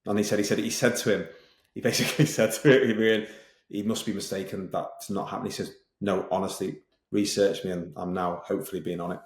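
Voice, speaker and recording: A middle-aged man telling his story as a podcast guest, fast and lively, acting out other people's lines as he goes. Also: sits low, reverberant. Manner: fast, animated, tells stories with quoted voices. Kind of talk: casual interview storytelling.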